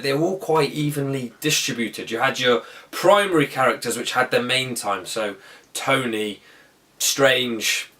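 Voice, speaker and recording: A man's voice: medium pitch, fairly bright tone, far from the mic. A man giving a casual, enthusiastic film review, rambling and often correcting himself mid-sentence. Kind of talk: casual spoken movie review.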